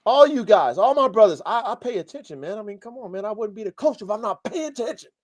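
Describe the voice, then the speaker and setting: Man, high voice, blunt, profane, fired-up, coaching rant, live podcast host. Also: animated, fast, darkish tone. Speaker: host and dog-breeding coach. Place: home studio, live stream.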